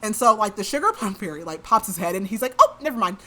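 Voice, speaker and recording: A woman's voice: medium pitch, animated, fast talker, sharp tone. A woman hosting a podcast, recapping a book in a casual, chatty way and saying "like" a lot. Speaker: podcast host.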